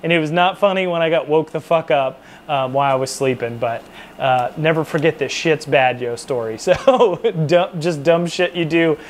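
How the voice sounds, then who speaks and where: A man's voice: on the high side, normal speed, a little hiss or hum. A man casually telling a rambling, profane, self-mocking story to camera about his time in the military.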